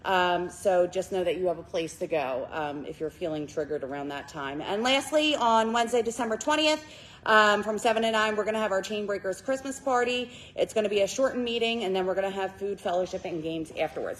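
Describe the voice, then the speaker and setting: A woman's voice: medium pitch, lively intonation, brisk, fairly bright tone, poor audio. A woman leading a recovery group meeting in a church room, giving chatty announcements and a heartfelt introduction, with many fillers.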